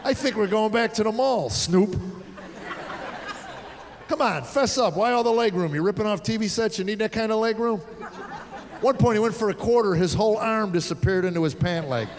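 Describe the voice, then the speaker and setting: Sardonic middle-aged comedian, high voice. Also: male voice, a little fast, a faint crowd, slight background noise. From United States. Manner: sardonic, exasperated storytelling. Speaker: stand-up comedian. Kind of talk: stand-up comedy set. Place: theater stage before a live audience. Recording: live stage recording with hall reverb.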